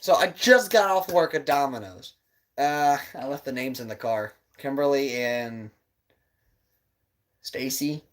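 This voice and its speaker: A man's voice: mid-range voice, unhurried, pauses often. Rambling young man telling a story. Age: 20s. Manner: rambling, laughing storyteller who swears. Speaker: podcast co-host. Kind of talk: casual chat.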